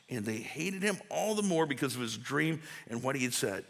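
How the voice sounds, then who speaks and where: In a church sanctuary, a pastor delivers a conversational sermon that is folksy and full of asides and restarts. His mid-range voice is animated, at normal speed, with vocal fry, and long hall reverb fills the recording.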